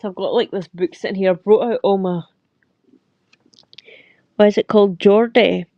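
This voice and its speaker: A woman's voice: mid-range voice, steady tone, moderate pace, no echo. A middle-aged Scottish woman hosting a casual livestream chat, rambling with lots of fillers and frequent laughs. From Scotland. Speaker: livestream host. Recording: dull lo-fi sound.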